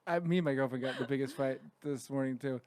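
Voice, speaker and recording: A man in his late thirties hosts a casual comedy podcast, swearing freely and telling stories with lots of energy. His voice sits in an ordinary middle pitch and is recorded close and dry, with almost no room sound. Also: fast talker, clear, resonant tone, no room sound. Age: 30s. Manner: profane, animated storytelling. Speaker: podcast host.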